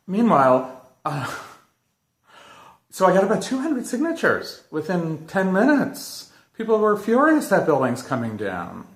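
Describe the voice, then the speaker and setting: A man's voice: mid-range voice, reverberant. Older man with a mixed Australian-London-Welsh accent. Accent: mix of Australian, London and Welsh. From Pennsylvania. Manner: lively storyteller acting out quoted dialogue. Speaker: retired architect. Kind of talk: casual spoken reminiscence.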